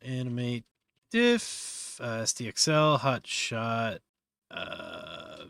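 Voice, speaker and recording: A man hosting a casual live-stream software tutorial, thinking aloud with lots of fillers and restarts, yawning often. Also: medium pitch, very animated, extremely slow, gravelly, smooth, no echo.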